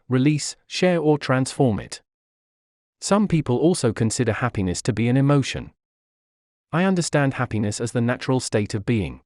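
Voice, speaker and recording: A man calmly reading an audiobook chapter, going slowly through long lists of single words. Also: medium pitch, dry recording, clean studio sound. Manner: slow, measured reading of long word lists. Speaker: audiobook narrator. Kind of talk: scripted narration.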